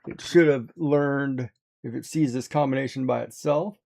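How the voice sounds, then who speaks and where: A man's voice: medium pitch, moderate pace, creaky, a little mellow. A man streaming, chatting casually with his live audience, rambling along and chuckling often.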